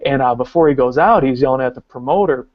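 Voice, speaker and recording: A man in his thirties, co-hosting a podcast, telling a long story in a casual, excitable, rambling way with lots of "like.". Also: medium pitch, fast talker, no echo, dull audio. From Arkansas. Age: 30s. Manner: rambling, excitable, heavy use of "like". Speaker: podcast co-host.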